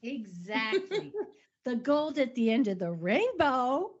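Breathy, slow-talking woman podcast host. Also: fairly high pitch, big pitch swings, highs cut off. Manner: playful, drawn-out, repeats herself. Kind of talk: casual movie chat.

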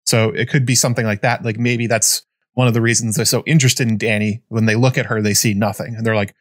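A man hosting a podcast, chatting casually in a rambling, halting way full of fillers and restarts. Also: lowish voice, little pitch movement, no echo, clean studio sound. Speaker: podcast host. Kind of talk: casual chat.

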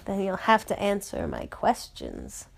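Mom putting on a goofy bossy little troll, drags words out, gravelly. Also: female voice, mid-range voice, huge pitch swings, a little slow, full character voice. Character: little silly troll guarding a bridge. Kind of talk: bedtime storytelling.

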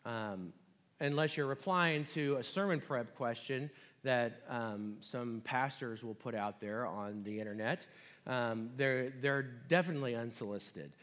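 A man's voice: medium pitch, measured pace, a bit bright. A man preaching a sermon in a casual, storytelling way with chatty asides. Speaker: pastor.

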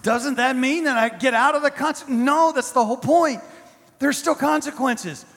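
A male pastor delivering a sermon, with emphatic repetition and slow, drawn-out stresses. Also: very high-pitched, a bit bright, long reverb tail.

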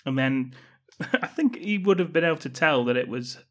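A man's voice: fairly high pitch, expressive, normal speed, fairly bright tone. A man co-hosting a podcast who recaps film scenes in casual chat and laughs often. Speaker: podcast co-host.

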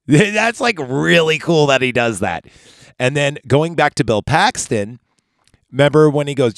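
A man's voice: mid-range voice, lively intonation, moderate pace, dry recording. A man hosting a podcast, recapping a movie in a laid-back, chatty way that rambles into digressions and swearing. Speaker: podcast host.

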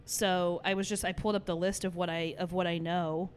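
A woman's voice: fairly low pitch, little pitch movement, fairly quick, a little hiss or hum. Chatty woman reading off a list. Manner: chatty, runs down lists with many fillers. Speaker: brewery podcast co-host. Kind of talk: casual chat.

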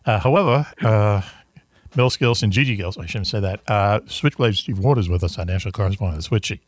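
A man's voice: on the low side, a little fast, dry recording. A man with a Boston accent hosting a casual video-call chat show, rambling and self-deprecating with lots of fillers. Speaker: host.

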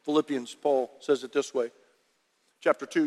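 A male pastor preaching a sermon in an animated, emphatic way, often repeating phrases. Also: mid-range voice, normal speed, in a large hall.

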